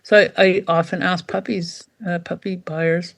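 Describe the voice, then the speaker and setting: A woman guest, a dog breeder and behavior expert, talking in a lively storytelling way and acting out quoted dialogue on a podcast. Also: fairly low pitch, unhurried, vocal fry. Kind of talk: podcast interview.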